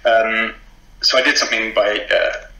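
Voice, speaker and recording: A man's voice: lowish voice, little pitch movement, normal speed, reverberant, a crowd in the background, low-quality recording. A man with a posh English accent, chatting about his acting work in an interview, with many ums and frequent laughs. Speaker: actor interviewed as guest. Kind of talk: casual interview chat.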